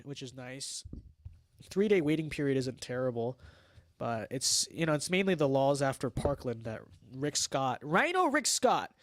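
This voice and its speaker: A man's voice: mid-range voice, dry recording, clean studio sound. A young man from Los Angeles hosting a casual livestream, reading chat messages aloud and answering them in a wry, sarcastic, mock-boastful way. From Los Angeles, United States.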